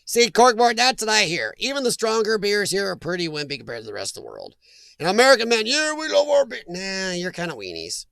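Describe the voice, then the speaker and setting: Gravelly high-voiced chatty man. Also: sing-song, a little fast, pushed and bright, no room sound. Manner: rambling, jokey, reacts to chat comments. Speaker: host of a live chat stream. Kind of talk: casual live-stream chat.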